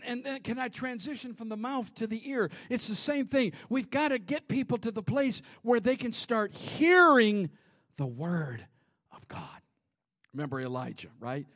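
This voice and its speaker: In a church sanctuary, a high-voiced pastor delivers a sermon, swinging between hushed, breathy whispers and loud, ringing shouts.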